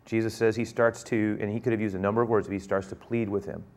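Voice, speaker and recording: A man preaching a sermon, retelling a story and acting out its dialogue with rising excitement. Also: lowish voice, quick pace.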